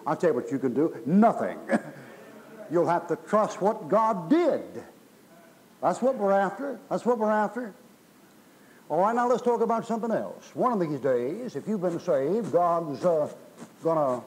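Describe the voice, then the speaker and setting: A man's voice: sits high, a little mellow, low-quality recording. A middle-aged man preaching a sermon in a folksy, emphatic way, his voice rising in bursts. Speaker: pastor.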